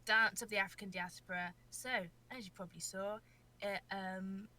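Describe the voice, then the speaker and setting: A woman's voice: mid-range voice, steady tone, moderate pace, bright, forceful tone. A young woman chatting as a podcast guest over a voice call, hesitant with fillers and self-deprecating. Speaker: guest, video creator. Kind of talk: casual chat on a podcast.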